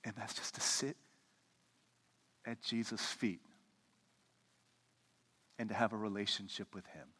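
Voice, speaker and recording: A pastor in his thirties preaching a sermon, telling stories with sudden loud bursts and hushed, slow moments. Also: on the low side, husky. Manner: animated storytelling, swings from loud to hushed. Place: church sanctuary. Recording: long reverb of a church hall.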